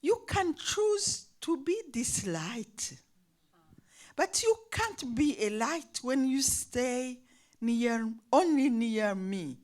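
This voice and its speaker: A woman quoting a kindly older woman teacher who gently urges her on. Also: sits high, lively intonation, drawn-out words, exaggerated voice. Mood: urging.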